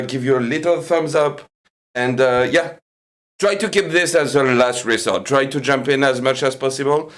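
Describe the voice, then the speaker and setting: A man hosting an online panel show, upbeat and quick, with many fillers as he moderates. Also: on the high side. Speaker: host. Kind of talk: casual livestream panel chat.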